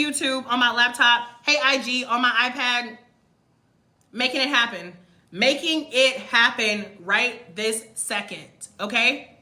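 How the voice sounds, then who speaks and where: A woman's voice: on the high side, bright, forceful tone, roomy sound. A woman in her thirties live-streaming a motivational talk to her followers, emphatic, repeating her points and calling viewers y'all. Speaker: vlogger livestreaming to followers. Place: room in Mexico.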